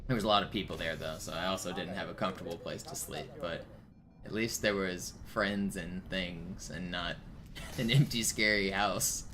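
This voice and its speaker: Low-voiced young man rambling on stream. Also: moderate pace. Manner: rambling, profane, filler-heavy storytelling. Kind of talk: casual gaming stream chat. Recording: steady background noise.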